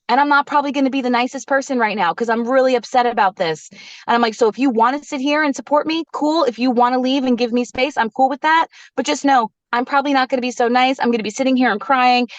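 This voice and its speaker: A woman in her thirties tells a personal story in a candid, conversational way. Her pitch climbs high when she acts out what she and others said. The audio is dry and a little dull. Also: dry recording. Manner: animated, acts out her own quoted lines. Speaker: podcast guest, resilience coach.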